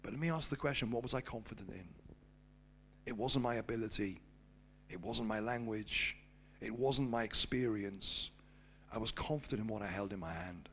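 A man preaching, telling a personal story in an animated storytelling manner and slowing down for emphasis. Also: lowish voice, a little hiss or hum. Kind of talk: sermon storytelling.

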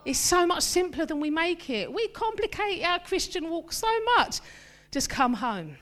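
A woman preaching a sermon in a lively, conversational way, mixing scripture with humorous personal asides. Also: high-pitched, moderate pace.

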